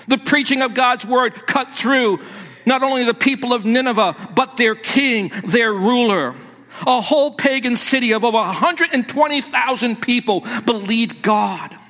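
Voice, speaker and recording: A man with a very high, bright voice preaches an emphatic sermon. His words ring out across a church sanctuary with a long reverb trailing behind them. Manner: emphatic preaching with calls to the congregation. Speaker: pastor.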